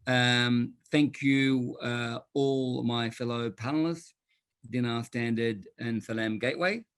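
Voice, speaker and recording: A man's voice: mid-range voice, fairly even intonation, slow pace, a bit bright, clean tone, dry recording, studio quality. A man with a broad Australian accent giving a jokey, chatty presentation on an online panel over a video call.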